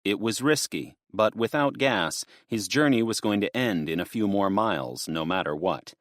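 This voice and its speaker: Reading an audiobook script, a man with a lowish voice keeps a steady, measured delivery. There's no room sound, just clean studio audio.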